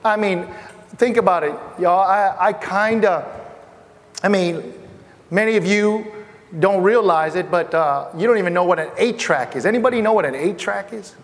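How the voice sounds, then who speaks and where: A man's voice: high voice, normal speed. A middle-aged man from Asia preaching a sermon in a conversational way, speaking directly to the congregation. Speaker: pastor. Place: church hall. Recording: long hall reverb.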